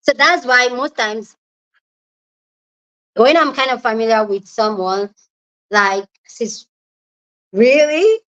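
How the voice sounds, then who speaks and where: A woman's voice: fairly high pitch, expressive, takes it slowly, long pauses, a bit bright, highs cut off. A young woman from southern Nigeria with a Nigerian accent tinged by Delta pidgin, chatting casually with viewers on a livestream and greeting them by name. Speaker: livestream host. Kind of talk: casual live chat with viewers. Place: indoors at home.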